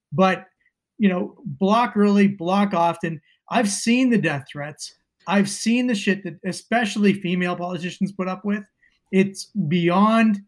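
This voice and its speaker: A Canadian man giving blunt, emphatic political commentary in a casual podcast debate. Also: high-pitched.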